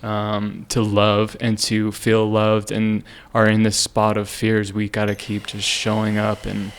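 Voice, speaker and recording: A man's voice: lowish voice, monotone, a little slow, a little hiss or hum. A young man sharing a personal story on a casual podcast, earnest and rambling with many fillers and restarts. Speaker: podcast co-host.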